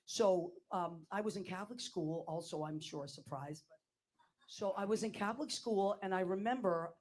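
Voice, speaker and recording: An older woman hosting a show, telling stories in an animated, chatty way with quick asides and restarts. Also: on the low side. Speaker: host. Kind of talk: casual storytelling chat.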